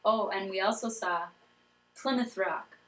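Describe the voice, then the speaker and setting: A woman's voice: mid-range voice, a little slow, a bit bright. A woman chatting casually about a trip on a home video, finishing her partner's sentences. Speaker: traveler recounting a trip. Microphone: camcorder mic. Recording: roomy home camcorder audio from a distance.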